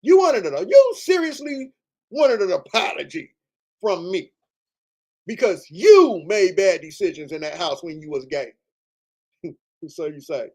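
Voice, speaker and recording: A man's voice: sits high, big pitch swings, unhurried, pauses often, a little mellow. Heated man ranting on a livestream. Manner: heated, profane, repetitive. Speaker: livestream host. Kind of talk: livestream rant.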